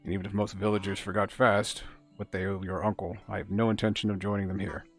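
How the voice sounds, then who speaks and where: A man voicing a gruff, blunt male village castellan with a gravelly voice, reading game dialogue aloud. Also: lowish voice, flat delivery, fast talker, faint music behind. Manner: blunt, matter-of-fact.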